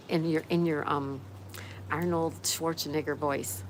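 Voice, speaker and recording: Her voice is low-pitched and gravelly with a level tone at normal speed, as an upbeat woman live streams casually from a patio beside a canal, welcoming viewers and reading their comments aloud. The audio is poor, with slight background noise.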